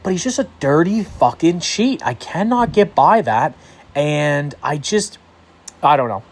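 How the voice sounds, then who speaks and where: A man's voice: on the high side, animated, measured pace. A young man with a slightly raised voice rants about a fight in a heated, profane, casual recap. He swears freely and talks like he is venting to a friend. His manner stays loose, worked up and unscripted. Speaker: MMA commentator vlogger.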